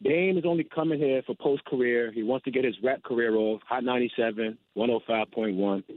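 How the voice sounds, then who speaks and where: A man's voice: medium pitch, a little fast, dry recording. A man in his thirties calling into a radio show, casual, blunt and slangy. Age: 30s. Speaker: caller. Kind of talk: call-in radio chat. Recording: tinny phone line.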